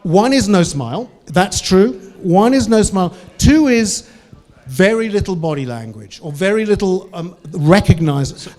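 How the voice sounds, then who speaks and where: A man giving a lively conference talk to a Russian audience, varying his tone and tempo a lot. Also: high-pitched. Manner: animated, varies tone and tempo. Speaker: conference speaker on English for Russians.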